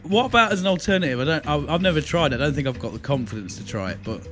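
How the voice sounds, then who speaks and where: A man's voice: on the high side, expressive, rapid-fire, over music. Chatty, laughing man. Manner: chatty, laughs often, rambling storyteller. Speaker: podcast co-host. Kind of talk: casual comedy banter.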